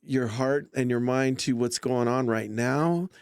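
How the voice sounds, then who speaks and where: A man's voice: mid-range voice, steady tone, unhurried, smooth, no room sound, studio quality. A man as a talk-show guest, speaking in an earnest, urging way and repeating his points. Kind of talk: casual talk-show chat.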